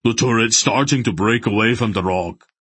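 A man's voice: fairly low pitch, moderate pace, a bit bright, breathy edge, no room sound, voice pushed up. A man voicing a big burly warrior who roars out urgent orders. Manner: bellowing, roaring orders.

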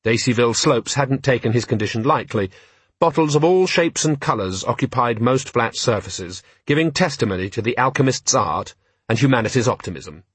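A man narrating an audiobook in a measured, wry storytelling manner. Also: medium pitch, animated, breathy edge, dry recording. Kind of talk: scripted narration.

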